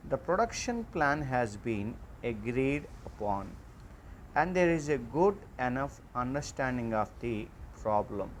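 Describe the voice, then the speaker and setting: A man giving an online class lecture, reading out slide points in a slow, halting way with frequent fillers. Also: mid-range voice, slight background noise.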